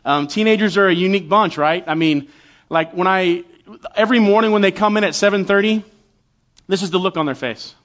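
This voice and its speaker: A man in his forties preaching as a guest church elder, talking casually and poking fun at himself, with frequent quick restarts. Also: sits high, fairly bright tone, muffled recording. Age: 40s. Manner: conversational and self-deprecating, with quick restarts. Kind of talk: sermon with humorous stories.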